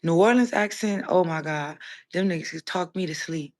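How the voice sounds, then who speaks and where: A woman's voice: on the low side, moderate pace. A woman hosting a livestream, talking casually and bluntly as she answers her viewers' comments. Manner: blunt, opinionated, talks straight to chat. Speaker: livestream host.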